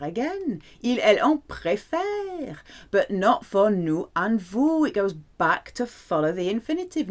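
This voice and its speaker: A woman teaching a French lesson, explaining playfully and slowly repeating words for practice. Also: medium pitch. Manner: lively, playful explaining with slow drilled repetitions. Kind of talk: language lesson.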